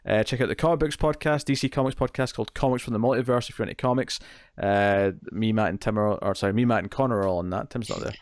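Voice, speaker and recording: A man's voice: medium pitch, quick pace. A man hosting a horror movie podcast, chatting casually with a lot of fillers and jokes. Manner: rambling, filler-heavy, jokey. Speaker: podcast host.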